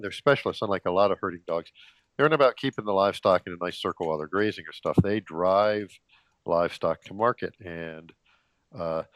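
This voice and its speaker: A middle-aged man rambling casually on a cheap wireless gaming headset, halting with filler sounds, restarts and frequent throat clearing, slightly out of breath. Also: on the low side, a bit bright, dry recording. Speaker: vlogger.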